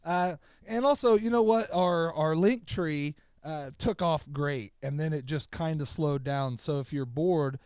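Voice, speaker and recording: Male podcast co-host, raised pitch, loose rambling delivery, dry studio. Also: a little slow, few pauses, a little mellow, smooth, no room sound. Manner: rambling, stop-start storyteller. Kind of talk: casual chat.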